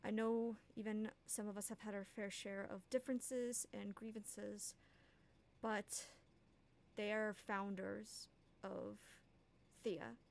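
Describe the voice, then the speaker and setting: Woman doing a hushed, nervous drow man. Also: medium pitch, little pitch movement, takes it slowly, vocal fry. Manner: hushed, barely audible. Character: nervous male drow envoy speaking in hush.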